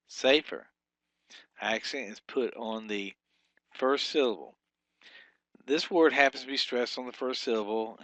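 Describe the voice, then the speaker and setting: Man teaching a patient, unhurried lesson. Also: on the low side, fairly bright tone, dry recording. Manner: patient and explanatory, with fillers and drawn-out example sounds. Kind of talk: recorded language lesson.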